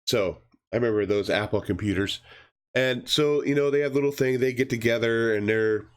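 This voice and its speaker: A man co-hosting a comics review podcast recaps a comic in a casual, rambling way, full of fillers and restarts, and acts out characters' lines in a raised voice. His mid-range voice keeps a moderate pace and sounds clean.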